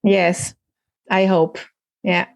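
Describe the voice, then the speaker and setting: German woman, non-native English, earnest guest; slow, flat delivery, dry close sound. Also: on the low side, no room sound, muffled recording. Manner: halting, earnest, searching for words. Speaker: guest, animal rescue project head. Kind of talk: casual interview over a call.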